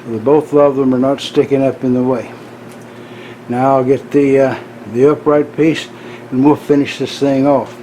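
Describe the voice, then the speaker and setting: A man casually narrating machining work in his workshop, folksy and relaxed, ending with a told joke. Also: mid-range voice, moderate pace, a little hiss or hum, rough recording.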